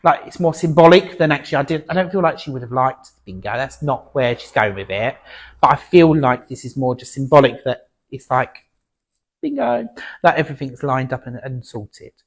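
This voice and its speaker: A man working as a medium before an audience at a spiritualist centre, talking in a chatty, halting way full of fillers and restarts. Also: mid-range voice, animated. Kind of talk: platform mediumship demonstration.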